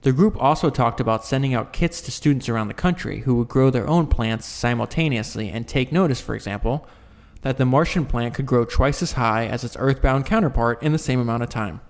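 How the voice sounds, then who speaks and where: A man at an ordinary middle pitch reads a nonfiction book aloud. He often trips over words and restarts the sentence, and he drops in offhand explanations for the listener. His voice rings with a long echo, as if he is in a large hard room. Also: a little fast. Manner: stumbles and restarts mid-sentence, corrects himself. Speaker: book reader and commentator. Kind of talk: reading a nonfiction book aloud with casual asides.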